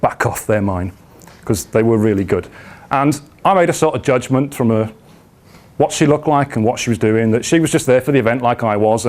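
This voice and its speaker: A man's voice: mid-range voice, a little mellow. A man with a South Welsh accent giving a self-deprecating, storytelling talk at a business networking meeting. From South Wales. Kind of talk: anecdotal presentation.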